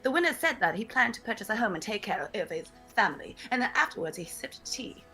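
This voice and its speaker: Woman doing a fake posh english newsreader voice, bright and bouncy. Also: medium pitch, sing-song, quick pace, soft background music. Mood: mock posh. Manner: exaggerated, giggly put-on accent.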